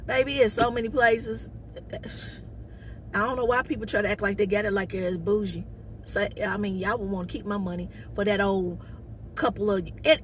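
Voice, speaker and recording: A woman comedian telling a story to her viewers in a sassy, loud, casual way. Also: mid-range voice, steady tone, normal speed, slight background noise. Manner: sassy, loud, calls viewers baby and honey.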